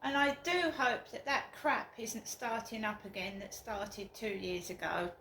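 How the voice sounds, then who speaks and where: An older woman, talking frankly to camera in a rambling vlog with many pauses. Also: on the high side, pushed and bright. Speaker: vlogger. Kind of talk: casual talk to camera. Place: her home, indoors. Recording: echoey room, faint background noise.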